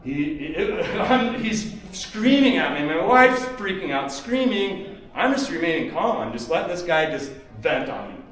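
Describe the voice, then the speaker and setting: A man's voice: fairly high pitch, very animated, unhurried, fairly bright tone. Guy rambling through a story at an expo talk, lots of "you know", big echoey hall. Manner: rambling, full of "you know" and acted-out quotes. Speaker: seminar speaker, tournament kayak angler. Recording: echoey hall, mic far off.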